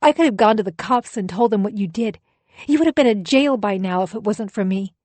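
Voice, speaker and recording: A woman's voice: mid-range voice, expressive, a little fast, a little mellow, slight background noise. A woman narrating a first-person audiobook thriller with a dramatic, emotionally charged reading.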